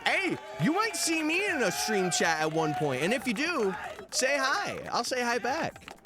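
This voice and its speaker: A man's voice: extremely high pitch, huge pitch swings, measured pace, background noise. A young man streaming live, chatting casually and answering his viewers' messages over faint background music. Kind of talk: casual livestream chat.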